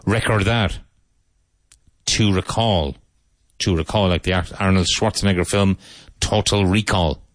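A man teaching English vocabulary, saying each word slowly, repeating it and spelling it out, with tips on pronunciation. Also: deep voice, fairly even intonation, no room sound. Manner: slow, deliberate, repeats and spells out words.

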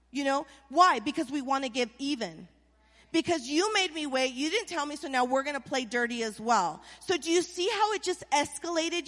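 A woman preaching a sermon in a lively, playful way, speaking straight to her congregation. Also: sits high, long reverb tail. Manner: animated, playful, addresses the crowd directly.

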